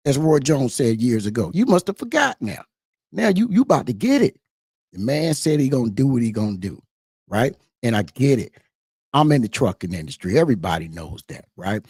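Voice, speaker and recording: A man's voice: medium pitch, big pitch swings, a little fast, mellow, slightly rough, no echo, clean studio sound. A middle-aged man, talking casually and preachily to his listeners about everyday issues, asking them rhetorical questions. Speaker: trucker commentator. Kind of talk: casual monologue.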